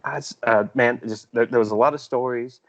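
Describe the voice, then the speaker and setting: A man co-hosting a podcast, talking casually in a halting way with many restarts. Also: medium pitch, fairly even intonation, dull audio. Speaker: podcast co-host. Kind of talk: casual chat.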